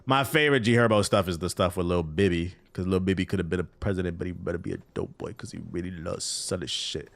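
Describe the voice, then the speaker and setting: A man's voice: deep voice, fast talker, vocal fry, few pauses. A man streaming a game, chatting casually with his chat in loose, profane slang. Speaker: gaming streamer. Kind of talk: casual live-stream commentary while playing.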